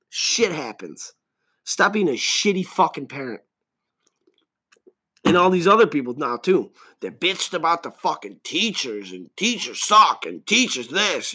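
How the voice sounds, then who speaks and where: A man hosting a podcast, ranting angrily and profanely, swinging between loud outbursts and low mutters. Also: slightly rough. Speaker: podcast host.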